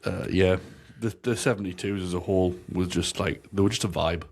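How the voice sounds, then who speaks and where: A man co-hosting a casual podcast, joking around with crude banter and quick agreements. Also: low-pitched, steady tone, gravelly, a little mellow. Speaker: podcast co-host. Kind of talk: casual chat.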